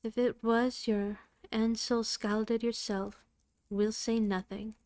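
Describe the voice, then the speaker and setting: A woman's voice: a little high, flat delivery, takes it slowly, a little mellow, dry recording. Storybook fairy folk with an Irish accent, put on by a woman reader, matter-of-fact and chiding, dry close sound.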